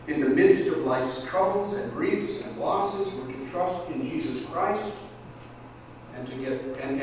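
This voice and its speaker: A man preaching a sermon, chatty and a little halting, now and then acting out the voices in his stories. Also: a little high, slight background noise. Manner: conversational preaching with small restarts, acting out quoted voices. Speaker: pastor. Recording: echoey church hall from far off.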